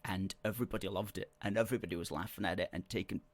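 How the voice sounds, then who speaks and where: A man's voice: deep voice, fairly even intonation, very fast. A man hosting a live stream, reading out viewer comments and answering them with emphatic, repeated words. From Scotland. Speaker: host.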